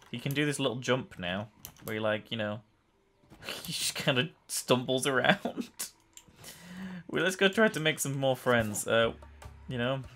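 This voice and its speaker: A young man casually commenting on his own gameplay, chatty and excitable, often breaking into yells and laughter. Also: medium pitch. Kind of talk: casual let's-play commentary.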